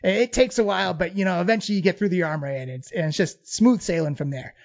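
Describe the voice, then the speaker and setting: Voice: medium pitch, fast talker, highs cut off. Loose, rambling tabletop game master. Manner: loose, filler-heavy narration.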